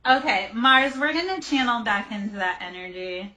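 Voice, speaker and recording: A woman's voice: on the high side, expressive, moderate pace, pushed and bright. A woman in her forties hosting a livestream tarot reading, chatting casually with viewers and drifting off on tangents. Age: 40s. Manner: chatty, rambling, goes off on tangents while answering chat. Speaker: tarot reader and livestream host.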